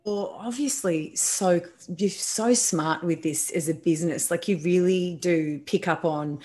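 A bubbly Australian woman co-hosting a radio interview, with a slightly low voice. She chats warmly and easily with her guest. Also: unhurried. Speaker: radio co-host. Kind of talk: casual interview chat.

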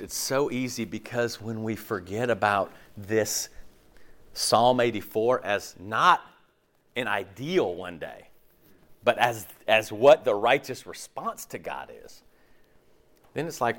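A man's voice: mid-range voice, lively intonation, a little slow, fairly bright tone. A pastor preaching a conversational sermon, acting out quoted voices as he goes.

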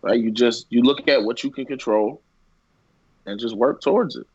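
A man's voice: mid-range voice, normal speed, husky, no room sound. A man co-hosting a casual podcast, blunt and slangy, swearing freely in his reactions. His voice sits close to a dry, somewhat dull mic. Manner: blunt, profane, slangy, incredulous. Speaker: podcast co-host.

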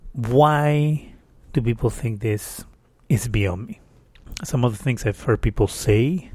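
A man's voice: on the low side, a little mellow, no room sound. A man hosting his own casual solo podcast, chatty and exasperated, rambling with fillers, recorded on a distorted home microphone. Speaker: podcast host. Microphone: windscreened microphone.

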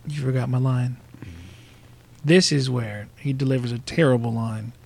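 Gravelly man chiming in. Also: mid-range voice, fairly even intonation, normal speed, a little mellow. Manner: interjecting, chiming in with corrections. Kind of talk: casual chat.

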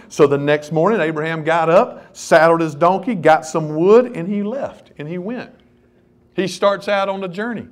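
Animated preacher, fairly high voice. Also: male voice, normal speed. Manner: animated preaching, rising and dropping his voice, addressing the congregation directly. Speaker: pastor. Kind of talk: sermon.

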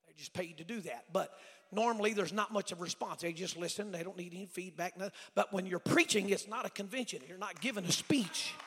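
Older man, evangelist, folksy sermon, high husky voice, shouting peaks, long church reverb. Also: brisk, slight background noise. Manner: folksy storytelling, builds to shouting. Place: church sanctuary.

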